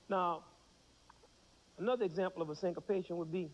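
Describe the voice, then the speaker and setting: A man explains rhythm to young students with playful energy, counting beats aloud and acting out examples. His voice sits a little high. The sound is dull and lo-fi, like an old 1990s TV broadcast. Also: fairly even intonation, brisk, pauses often, long reverb tail, a little hiss or hum. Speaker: music teacher. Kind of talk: teaching children about rhythm.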